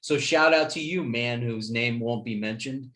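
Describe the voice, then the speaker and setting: A man's voice: medium pitch, normal speed, fairly bright tone, a little hiss or hum. A man hosting a podcast, telling stories in casual chat, swearing freely and acting out his friends' lines. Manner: profane storyteller, acts out friends' voices. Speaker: podcast host.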